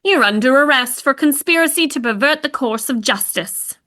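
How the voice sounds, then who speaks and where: Woman putting on a firm formal british cop, bright edgy voice, bit louder. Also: high-pitched, expressive, moderate pace, voice pushed up. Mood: stern. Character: stern male British police detective.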